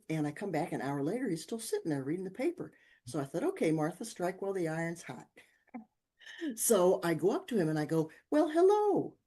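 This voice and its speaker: An older woman, a guest on a talk show, telling personal stories in casual chat, acting out the voices of people in them and laughing often. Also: breathy edge. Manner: animated, acts out dialogue with big pitch jumps, laughs often. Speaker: podcast guest, author.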